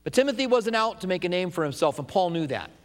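Man, pastor, sermon, emphatic repeated phrases, higher voice, echoing sanctuary. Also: very animated, fast talker. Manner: emphatic, repetitive preaching cadence.

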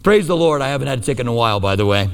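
A male pastor preaching a sermon, telling a personal story with lively, self-deprecating humor. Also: mid-range voice, rapid-fire, creaky, smooth, in a large hall, soft background music.

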